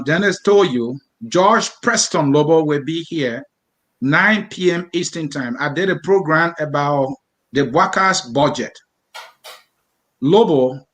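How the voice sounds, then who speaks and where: A man co-hosting a program, signing off with brisk, teasing promotion of the next show. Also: a little high, a bit bright. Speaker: co-host. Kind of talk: show sign-off.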